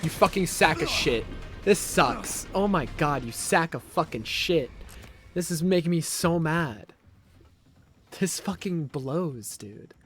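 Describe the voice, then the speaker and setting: Young man, gameplay streamer, fairly high voice, angry swearing rants, game music and gunfire behind. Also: animated, unhurried, fairly bright tone. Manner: frustrated, swearing, ranting at the game. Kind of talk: live gameplay commentary.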